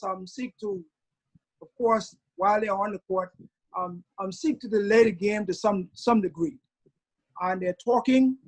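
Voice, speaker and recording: Husky-voiced middle-aged man, referee instructor on a video call, emphatic lecture delivery that stretches out key words. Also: extremely high pitch, poor audio. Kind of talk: online training lecture.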